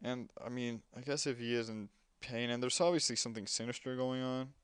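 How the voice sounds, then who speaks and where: A man's voice: medium pitch, brisk, clean tone, no room sound. A young man casually commenting while playing a game, chatty and rambling with lots of fillers. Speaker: gameplay commentator.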